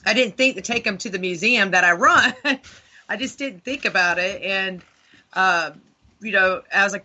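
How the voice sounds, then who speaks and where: A woman guest on a paranormal talk radio show, telling a long, animated story with many fillers. Her voice is bright and forward. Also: lowish voice, a little slow. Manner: rambling, animated retelling with lots of fillers.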